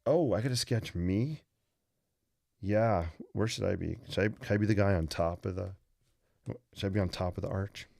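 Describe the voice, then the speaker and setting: A man's voice: sits low, normal speed, gravelly, a little mellow. A man hosting a live drawing stream, chatting casually and playfully with viewers and making puns as he sketches.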